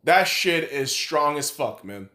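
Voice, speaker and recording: A man's voice: fairly high pitch, animated, slow pace, bright, forceful tone. A man hosting a podcast, ranting in a heated, sarcastic, swear-filled monologue. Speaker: podcast host. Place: room in Nevada. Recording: echoey room.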